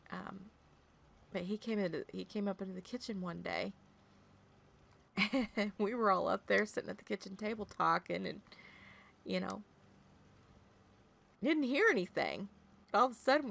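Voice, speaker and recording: A woman chatting casually with viewers, telling stories in an animated way and laughing often. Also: medium pitch, vocal fry. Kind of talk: casual chat.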